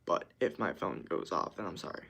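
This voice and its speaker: Laid-back young man with a gravelly voice. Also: low voice, animated, a little fast, bright, forceful tone. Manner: laid-back, reads comments aloud, laughs easily. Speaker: streamer answering chat. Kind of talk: casual livestream chat.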